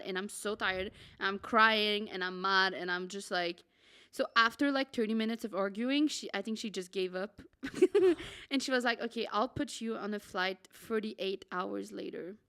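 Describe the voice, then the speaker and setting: A young woman, a podcast co-host, telling a travel story in a dramatic, excitable way and saying "like" a lot. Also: medium pitch, moderate pace. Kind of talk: casual storytelling.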